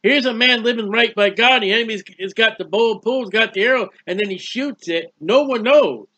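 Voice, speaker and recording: A man's voice: sits high, a little fast, sharp tone, lo-fi sound. A man giving a conversational Bible teaching, plain-spoken, repeating phrases and firing rhetorical questions. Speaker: preacher.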